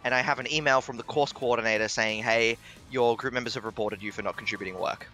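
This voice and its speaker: Bright-voiced man telling a story. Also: medium pitch, fast talker, faint music behind. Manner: animated, laughs and swears while telling a story. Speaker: stream commentator. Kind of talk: casual storytelling chat.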